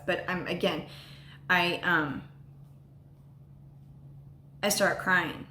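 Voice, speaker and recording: A woman telling a personal story on a vlog, halting and full of ums and restarts. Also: fairly low pitch, fairly even intonation, bright, forceful tone, roomy sound, slight background noise. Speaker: vlogger.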